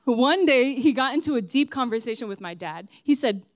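Young woman preaching her testimony, kinda high voice, earnest and emphatic, dry close sound. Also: a little fast, few pauses, dry recording. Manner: earnest and emphatic, addressing the congregation directly. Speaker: church speaker giving a testimony. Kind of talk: personal testimony sermon.

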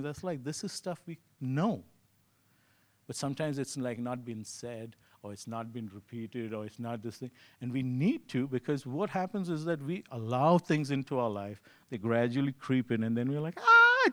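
Guy giving a sermon, talky and loose, keeps going "you see", mid-pitched voice. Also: normal speed, darkish tone. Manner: conversational, repeats "you see"; acts out his own inner voice in quotes. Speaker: preacher.

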